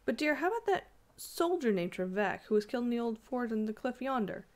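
A woman's voice: fairly high pitch, sing-song, a little fast, voice pushed up. A woman reading the lines of a flippant, teasing young husband in a storybook, in a breezy, joking manner. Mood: playful.

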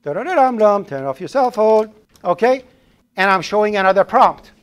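A man's voice: high voice, animated, normal speed. Guy teaching a coding class, rambly, repeats himself, cracks little jokes, live classroom. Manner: chatty, repeats and restarts phrases, joking asides. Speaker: programming instructor.

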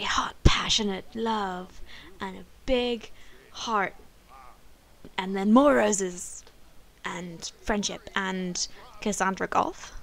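A woman narrating her game session with bubbly excitement, prone to gasps and squeals. Her voice sits fairly high, with a gravelly, creaky fry running through it. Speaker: gaming channel host. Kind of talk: let's play commentary.

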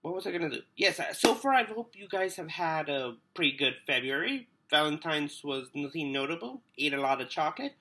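A man's voice: a little high, very animated, a little fast, few pauses, pushed and bright, slight background noise. A man with a cold vlogging an unboxing in a loopy, rambling way. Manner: loopy and rambling, trails off, hums to himself. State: sick with a cold. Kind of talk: casual unboxing vlog.

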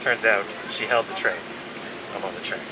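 A man's voice: on the low side, steady tone, normal speed. Chatty man vlogging outdoors with street noise. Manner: chatty, upbeat sign-off to viewers. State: out of breath. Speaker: travel vlogger. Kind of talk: casual travel vlog to camera. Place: outdoors at a train station. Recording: outdoor noise, camera mic.

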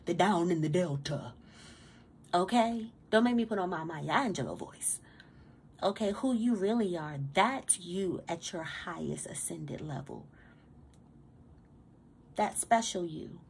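A woman's voice: fairly low pitch, animated, measured pace, vocal fry, slight background noise. Profane, emphatic woman tarot reader. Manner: emphatic, profane and streetwise, with repeated stammered words; preachy motivational pep talk. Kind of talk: casual tarot reading to camera.

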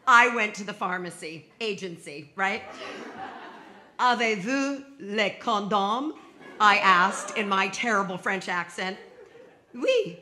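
A woman's voice: mid-range voice, bright, forceful tone, a little hiss or hum. A woman in her sixties telling a true personal story on stage, with wry comic timing and emphatic punchlines.

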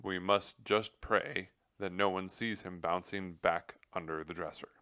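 A placid storybook mouse husband played by a man speaks calmly and firmly. His voice is low and unhurried, close and dry. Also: no echo, heavily acted. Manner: calm and steady, mildly firm.

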